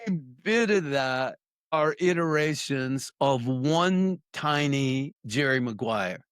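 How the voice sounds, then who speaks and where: A talkative, animated man speaking as a guest in a conversational podcast interview, often restarting his sentences. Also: mid-range voice, slow, smooth, dry recording, studio quality.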